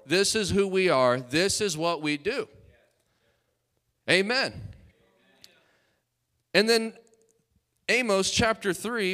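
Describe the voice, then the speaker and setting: A man preaching in church, his voice sitting a little higher than most men's. He delivers his sermon with fervent emphasis, hammering on repeated phrases and calling on the congregation to answer back. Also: a bit bright. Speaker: pastor.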